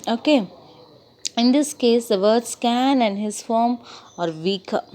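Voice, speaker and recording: A woman teacher giving a recorded English lesson, speaking deliberately and repeating her key points. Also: fairly high pitch, darkish tone.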